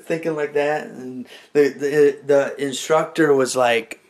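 A young man talks straight to the camera in a loose, rambling stand-up style, acting out the moves as he goes. His voice sits at an ordinary middle pitch, and he keeps filling gaps with "like" and "you know". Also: steady tone, unhurried. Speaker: comedian telling a story to camera. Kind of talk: casual stand-up storytelling.

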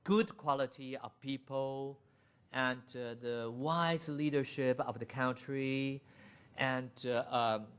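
A middle-aged man giving a university lecture in a deliberate manner, laying out his points as lists. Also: medium pitch, fairly bright tone, smooth. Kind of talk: academic lecture.

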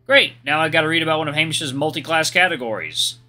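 A man's voice: a little high, quick pace, sharp tone, faint music behind. A man voicing a sarcastic, sulky young male hyena son. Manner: sarcastic, whiny.

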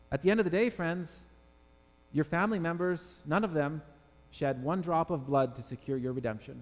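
A man preaching from the pulpit with a somewhat raised voice, driving his points home with rhetorical questions to the congregation. His voice rings with a long church reverb. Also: a little high. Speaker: pastor. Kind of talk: sermon.

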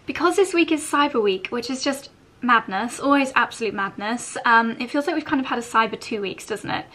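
Woman, thirties, fashion vlogger, bubbly, giggly, rambling, slightly high pitch. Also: animated, fairly quick, pushed and bright. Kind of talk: chatty morning vlog to camera.

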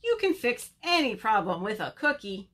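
A woman's voice: on the high side, big pitch swings, moderate pace, fairly bright tone. A woman voicing a confident, cheerful beaver who speaks in an assured, matter-of-fact way.

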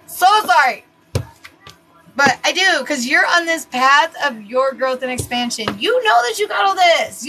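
A woman with a high, bright, forceful voice gives a live tarot reading in a loose, chatty way. She speaks bluntly, swears without hesitation and laughs at her own mess. Soft music plays faintly behind her. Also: poor audio. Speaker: tarot reader.

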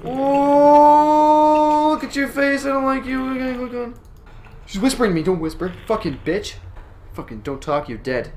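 A man commentating on a horror game, jumpy and swearing, shouting at the screen. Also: very high voice, a little slow, a little hiss or hum. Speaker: gameplay streamer. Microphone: desk mic with facecam. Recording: game music behind the voice.

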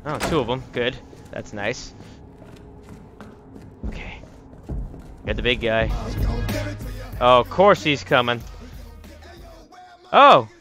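This medium-pitched man takes it slowly, leaving long pauses, with music playing behind him as he streams a horror game live. Narrating to himself, he's easily startled, and chases leave him panting, yelping, and swearing.

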